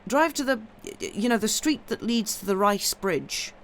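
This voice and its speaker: A woman's voice: mid-range voice, lively intonation, normal speed, a little hiss or hum, voice pushed up, close to an everyday voice. A woman voicing an ardent, impatient young man in a read-aloud story, urgent and pleading.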